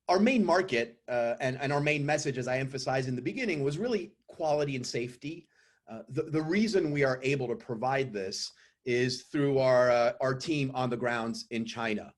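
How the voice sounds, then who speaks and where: French-accented man pitching his company. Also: moderate pace. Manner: hesitant, many filler sounds, self-deprecating humor. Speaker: company founder pitching to judges. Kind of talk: business pitch over video call. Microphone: video call.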